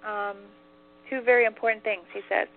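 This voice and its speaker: A woman's voice: fairly high pitch, steady tone, brisk. A woman channeling answers on a call-in show, relaying them in a chatty way with lots of fillers. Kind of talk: casual live call-in chat. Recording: tinny phone line with faint hiss.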